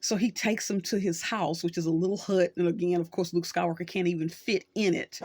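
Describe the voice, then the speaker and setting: A woman's voice: lowish voice, fairly even intonation, a little fast, a little mellow, no echo. A middle-aged woman hosting her channel, talking casually and telling a story with acted quotes. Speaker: social worker and channel host. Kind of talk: casual talk to camera.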